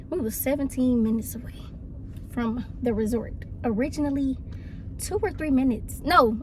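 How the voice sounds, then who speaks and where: A young woman tells a storytime in a high, bright voice that jumps up when she gets worked up. She talks straight to her viewers, acting out the people in her story. A faint noise sits underneath. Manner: animated, exclamatory storytelling with quoted voices. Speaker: vlogger. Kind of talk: casual storytime.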